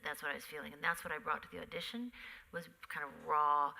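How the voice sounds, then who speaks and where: A middle-aged woman, a memoir author on a theater stage, telling animated stories in a live conversation and acting out sounds. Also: sits low, quick pace, vocal fry, poor audio. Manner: animated storyteller who acts out sounds.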